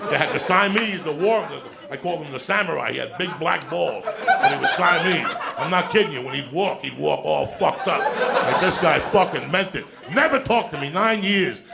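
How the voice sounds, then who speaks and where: Male stand-up comic, very gravelly voice, rambling and profane; live club recording with the crowd audibly laughing. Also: on the high side. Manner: profane, rambling, animated storyteller. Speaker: stand-up comedian. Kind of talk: stand-up storytelling. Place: comedy club stage. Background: audience laughter.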